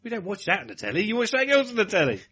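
Brief: English man, husky bright voice, lively swoops, class clown of the chat. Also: high voice, very fast, faint music behind. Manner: jokey, mimicking voices. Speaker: podcast co-host. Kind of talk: casual chat.

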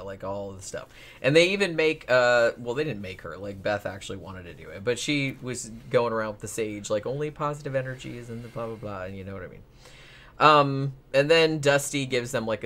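A man's voice: medium pitch, fairly bright tone. A man casually recapping a paranormal case as a podcast co-host, rambling, swearing freely and laughing often. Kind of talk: casual chat.

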